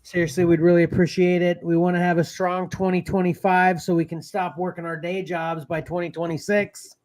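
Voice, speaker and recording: A man's voice: sits high, level tone, a little fast, darkish tone. A man co-hosting a casual podcast chat, talking loosely with frequent laughs and trailing phrases. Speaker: co-host.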